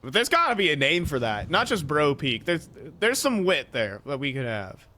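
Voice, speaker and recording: A man calling a live esports match, his voice sitting a little high. He teases his co-caster between plays. Game clicks and gunfire stay clearly audible behind him. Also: sing-song, moderate pace, sharp tone, a little hiss or hum. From North America. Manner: playful, teasing banter. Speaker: esports commentator. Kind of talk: live play-by-play commentary.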